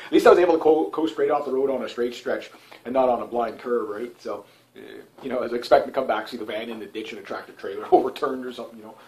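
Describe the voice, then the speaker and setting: A man in a loose, rambling monologue who keeps restarting his sentences and filling gaps with fillers. He laughs at himself often. His voice jumps loud and then fades to a mumble at the end of a thought. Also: medium pitch, low-quality recording. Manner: talks loud then trails off quietly. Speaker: video blogger.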